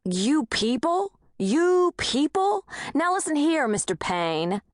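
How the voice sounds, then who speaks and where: A woman's voice: medium pitch, moderate pace, no room sound, clean studio sound, lightly acted. A woman voicing a cranky, defiant young woman who talks back in streetwise slang.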